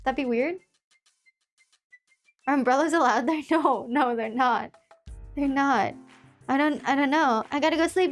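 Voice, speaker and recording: Young female streamer, high voice, giggly rambling casual chat, faint music bed. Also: normal speed, long pauses. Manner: giggly, rambling, with many fillers and restarts.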